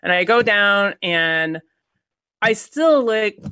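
A woman's voice: mid-range voice, slow, clean tone, dry recording, studio quality. A woman telling an anecdote in a casual interview, acting out quoted lines and laughing often. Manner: animated storyteller, acts out quotes, laughs often. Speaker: actress guest.

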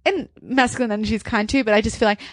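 A woman's voice: fairly high pitch, fairly even intonation, very fast, no room sound. A woman co-hosting a casual podcast chat, earnest and reflective, with many "like" and "um" fillers. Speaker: podcast co-host.

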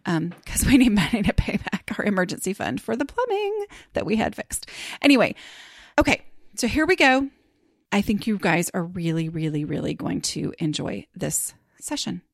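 Gravelly-voiced chatty woman podcast host. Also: mid-range voice, sing-song, normal speed, dry recording, clean studio sound. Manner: rambling, chatty, many fillers and restarts. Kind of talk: casual chat.

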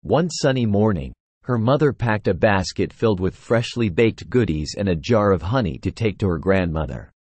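Husky, expressive male storyteller. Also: lowish voice, normal speed, no room sound. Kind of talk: scripted fairy-tale narration.

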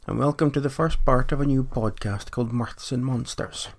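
A man's voice: mid-range voice, moderate pace, vocal fry, no echo. A Scottish man hosting a comedy podcast, telling stories with dry, wry jokes. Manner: dry, wry joking delivery. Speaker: podcast host. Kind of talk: comic storytelling monologue.

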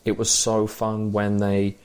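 A man's voice: fairly low pitch, monotone, slow, darkish tone, smooth. A man chatting enthusiastically about a film, recounting the small details he loved. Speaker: film podcast co-host. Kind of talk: casual conversation.

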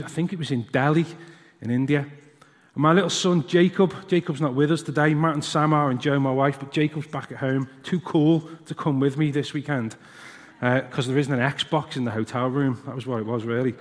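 A man's voice: mid-range voice, steady tone, normal speed. Man preaching in a reverberant church. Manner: storytelling, acts out his young son's voice. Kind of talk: sermon with personal story. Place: church hall.

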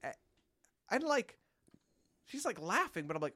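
Animated man telling a story. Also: sits high, a little slow, no echo. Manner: animated, indignant anecdote telling. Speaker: podcast co-host. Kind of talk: casual storytelling chat.

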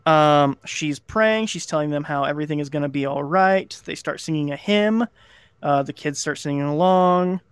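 A man's voice: fairly high pitch, moderate pace, smooth, no room sound. A man co-hosting a podcast, casually retelling a film plot in a rambling way, with lots of fillers and acted-out quotes. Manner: rambling, lots of "like" and restarts, acts out quoted lines. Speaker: podcast co-host.

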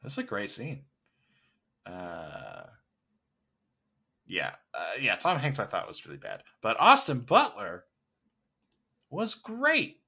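A man's voice: lowish voice, wildly swooping pitch, slow, vocal fry, pauses often, pushed and bright, husky. A man co-hosting a podcast, chatting casually about films with lots of fillers and restarts. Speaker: podcast co-host. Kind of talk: casual movie chat.

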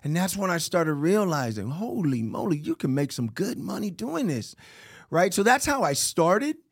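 A man's voice: high voice, normal speed. A middle-aged man telling his own story in a casual chat, acting out what people said. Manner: animated storyteller acting out quotes.

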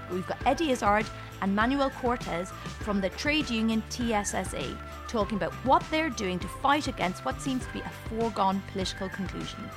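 Woman podcast host and comedian, wry and sardonic, lively swooping pitch, faint music underneath. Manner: wry, sardonic delivery with laughs. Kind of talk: scripted podcast monologue.

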